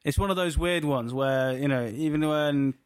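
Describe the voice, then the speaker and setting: A man's voice: a little high, moderate pace, clean tone, dry recording, clean studio sound. A man chatting casually as a podcast co-host, rambling and restarting his thoughts as he goes. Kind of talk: casual chat.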